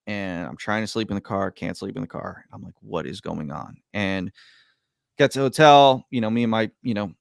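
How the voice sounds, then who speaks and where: A man casually telling a long story on a podcast, rambling and stumbling over his words, his voice swinging between loud bursts and quiet mutters. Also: on the low side, brisk, gravelly, clear, resonant tone, no echo, clean studio sound. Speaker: podcast guest.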